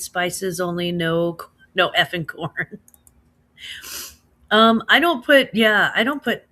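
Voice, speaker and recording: Bright-voiced midwestern lady hosting a chill livestream, chatty and laughing a lot. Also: medium pitch. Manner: chatty, laughs often, says girl and slaps. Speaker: livestream host reading chat. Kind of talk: casual chat.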